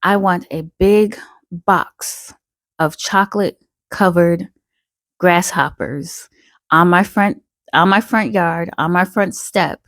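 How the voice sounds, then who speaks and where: A woman's voice: on the low side, dry recording. A woman voicing a selfish, famous male singer who talks in a casual, doubtful drawl.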